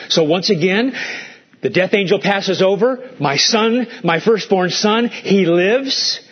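A pastor preaching a sermon, animated, his voice jumping up when he gets excited. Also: high voice, slow, highs cut off.

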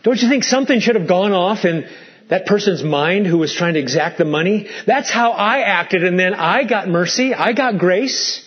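Pastor guy preaching, kinda high voice, hammers points with question after question, muffled lo-fi sound. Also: expressive, moderate pace. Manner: emphatic, piling up rhetorical questions and intensifiers. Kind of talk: sermon.

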